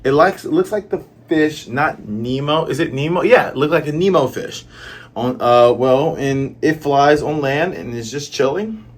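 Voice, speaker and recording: A man's voice: on the high side, expressive, moderate pace. A man from the American South talking through a manga chapter in a chatty, musing way. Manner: chatty, musing, lots of fillers. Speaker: manga reviewer. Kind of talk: casual commentary.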